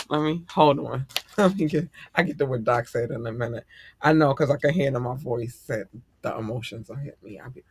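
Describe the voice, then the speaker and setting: A man hosting a podcast in casual chat, talking in an excitable, slangy and heartfelt way. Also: medium pitch, brisk, husky, no room sound. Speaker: podcast host.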